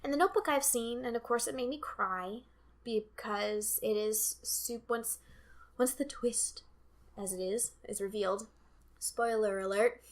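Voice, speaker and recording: A woman's voice: fairly high pitch, a little slow. A woman in her twenties from Maryland, co-hosting a casual chat and leaning hard on syllables for emphasis. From Maryland, USA. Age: 20s. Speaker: co-host.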